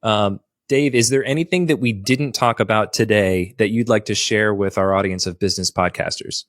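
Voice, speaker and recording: A man's voice: on the low side, moderate pace, no echo, clean studio sound. A man hosting a business podcast interview, affirming his guest and wrapping up the show in a friendly, promotional way. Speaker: podcast host.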